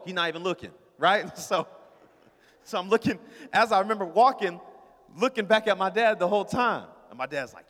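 A man's voice: high voice, moderate pace, fairly bright tone. A man preaching as a pastor, telling a story in a casual, playful way and talking straight to the congregation. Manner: casual, playful, talks to the crowd. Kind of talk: storytelling sermon. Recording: long hall reverb.

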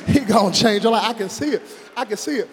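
A male preacher giving an animated sermon, moving between hushed storytelling and shouted, drawn-out phrases. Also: high voice. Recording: long reverb of a large hall.

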